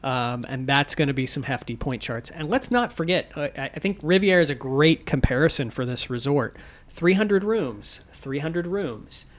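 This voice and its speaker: A man's voice: a little high, animated, moderate pace. A man co-hosting a podcast, talking in an analytical, filler-heavy way. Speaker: podcast co-host. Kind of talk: casual podcast chat.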